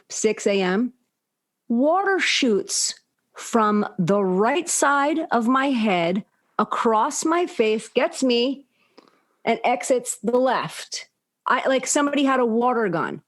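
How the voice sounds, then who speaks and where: A woman co-hosting a podcast, telling lively, profane stories in casual chat. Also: fairly high pitch. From Southern California. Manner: animated storytelling with profanity. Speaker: podcast co-host.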